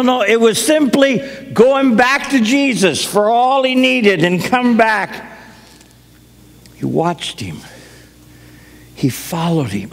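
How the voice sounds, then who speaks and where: High-ish voiced guy preaching slow, folksy stories, lots of hall echo. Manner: folksy storytelling, acts out quotes. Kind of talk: sermon. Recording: long hall reverb.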